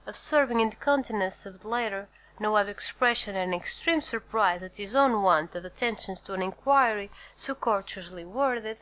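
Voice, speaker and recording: A woman narrating a classic novel as an audiobook in a steady, measured storytelling voice. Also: mid-range voice, low-quality recording. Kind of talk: scripted narration.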